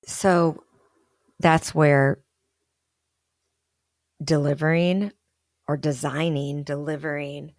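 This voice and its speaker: A woman hosting a podcast, adding calm, reflective comments to her guest's stories. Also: sits low, takes it slowly, long pauses, no room sound, clean studio sound. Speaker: podcast host. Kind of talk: podcast conversation.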